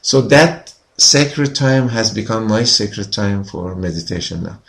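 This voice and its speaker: A man with a fairly low voice tells his own story as an interview guest. He speaks earnestly, leans often on "you know", and grows animated when he talks about feelings. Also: measured pace, gravelly. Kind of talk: personal storytelling in conversation.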